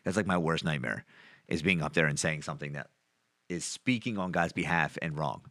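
A man's voice: very deep voice, a little fast, fairly bright tone, no room sound, clean studio sound. A man co-hosting a casual podcast chat, rambling through stories and laughing at himself. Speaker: podcast co-host.

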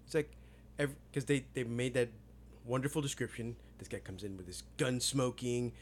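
A man's voice: mid-range voice, steady tone, normal speed. Podcast guy chatting about a book, acts out the lines, faint hum behind. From New York. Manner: retells scenes acting out lines. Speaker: podcast co-host. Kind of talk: casual book discussion.

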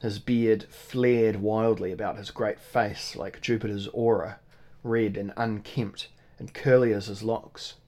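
A man reading a first-person novel aloud in a measured, formal manner. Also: lowish voice, steady tone, a little mellow. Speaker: audiobook narrator. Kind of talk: scripted first-person narration.

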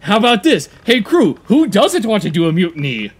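A man's voice: sits high, big pitch swings, fairly quick. A man improvising a comedy scene as a pirate captain, with a put-on pirate accent. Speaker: podcast co-host.

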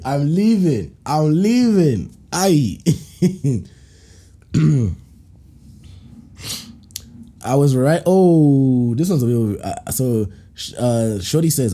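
A man from Kenya hosting a casual podcast, his voice dark and husky and his pitch leaping around as he laughs and acts out reactions. He reads listener stories slowly, with slangy banter. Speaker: podcast host. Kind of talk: casual chat, reading listener stories aloud.

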